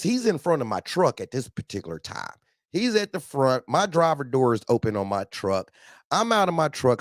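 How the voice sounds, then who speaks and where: Man, CB radio storytelling, profane, repetitive, lively dry voice. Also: medium pitch, no echo. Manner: animated, profane, repeats himself. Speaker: truck owner telling a story.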